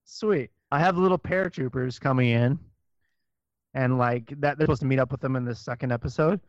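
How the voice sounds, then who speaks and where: A man's voice: medium pitch, a little fast, no room sound. A man co-hosting a podcast in casual chat, giving short replies, laughing and swearing now and then. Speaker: podcast co-host. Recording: dull lo-fi dry audio.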